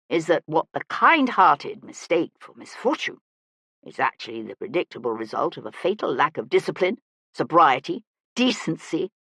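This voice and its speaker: A man's voice: on the high side, creaky, fairly bright tone, husky, dry recording, heavily acted. A narrator voicing Brownbeck, a stout, self-important older male banker who blusters and moralizes, in an audiobook. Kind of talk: audiobook character voice.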